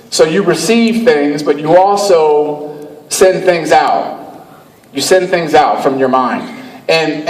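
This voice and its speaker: Emphatic man speaking from across a hall. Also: fairly high pitch. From Cleveland, Ohio, USA. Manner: emphatic, storytelling, repeats phrases. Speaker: motivational speaker. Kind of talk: motivational speech to an audience. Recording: echoey, far from the mic.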